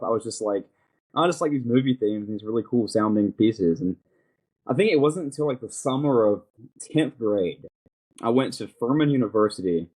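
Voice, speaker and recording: Young guy podcast host, kinda husky, rambles and restarts a lot. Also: medium pitch, a little mellow. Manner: rambling, thinking aloud with many fillers. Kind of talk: casual chat.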